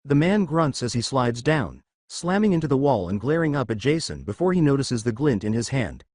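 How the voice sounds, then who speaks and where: A man reads fan fiction aloud in a steady storytelling manner. His voice sits at a middle pitch with lively swings, and the recording is dry and close. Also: fairly quick, no echo. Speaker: narrator. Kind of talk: scripted fan fiction narration.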